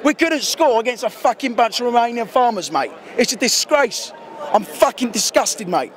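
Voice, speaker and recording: A man rants furiously into a handheld mic outside a stadium. His voice sits very high for a man, and he swears heavily through a raw, angry post-match tirade. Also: animated, normal speed, a bit bright. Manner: furious ranting, heavy swearing. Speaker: football fan. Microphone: handheld interview mic.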